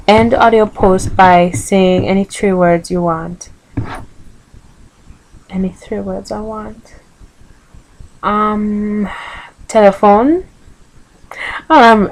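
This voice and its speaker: A woman's voice: mid-range voice, slow pace, pauses often, slight background noise, poor audio. A woman with a Vincentian accent chatting casually in a vlog, hesitant, with many ums, on a computer microphone. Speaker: vlogger. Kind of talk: casual accent tag video.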